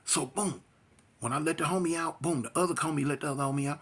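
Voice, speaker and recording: A man telling a tense street story casually, animated and slangy, acting out the sounds himself. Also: fairly high pitch, quick pace, husky.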